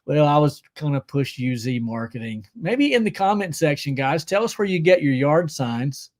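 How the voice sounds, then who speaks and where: A chummy, joking man hosts a casual livestream from home and reads viewer comments aloud. His voice sits a little high for a man, and he talks in an easygoing, friendly way. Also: sing-song, normal speed. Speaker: livestream host.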